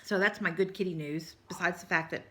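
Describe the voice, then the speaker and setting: In a lowish, fairly even voice and at a slightly quick clip, a South Texas woman with a Texan accent rambles to her viewers on her cross-stitch vlog. She's tired and yawning, apologetic and chatty, and says "y'all" a lot.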